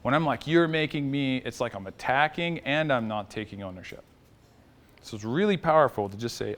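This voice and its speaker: Guy leading a small workshop, chatty, keeps asking the group questions, light jokes, medium pitch. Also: moderate pace, fairly bright tone. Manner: conversational, quizzes the audience, jokes lightly. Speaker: workshop teacher. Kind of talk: live teaching talk to a small group.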